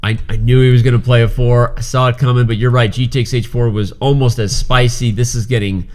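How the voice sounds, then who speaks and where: A man commentating a live chess game, joking and animated, now and then slipping into playful voices. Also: medium pitch, fairly quick.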